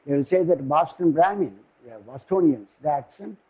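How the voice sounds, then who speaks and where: Older man, Indian English accent, philosophy lecture, rambling and halting, mellow husky voice, somewhat high. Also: lively intonation, rough recording. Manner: digressive, halting, searches for words.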